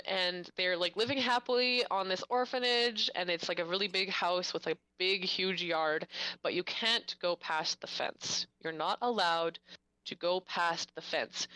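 Bright, crisp-voiced woman chatting. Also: on the low side, dry recording, poor audio. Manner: chatty, animated plot recap. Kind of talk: casual chat.

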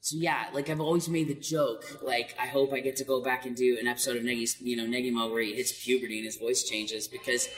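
A man voice actor with a light, high voice, chatting animatedly in an interview and laughing between quick asides. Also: little pitch movement, a bit bright, big-room sound, soft background music, low-quality recording. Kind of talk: casual interview storytelling.

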